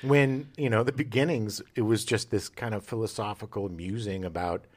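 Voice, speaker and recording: A man's voice: on the low side, moderate pace. A man co-hosting a podcast in casual, rambling, jokey chat. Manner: rambling and jokey, with animated tangents. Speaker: podcast co-host.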